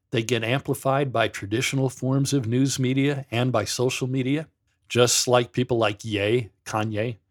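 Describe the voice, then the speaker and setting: A middle-aged man, a former pastor, hosting a podcast in a sarcastic, mocking monologue, reading quotes aloud with dramatic flair. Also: mid-range voice. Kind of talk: sardonic monologue.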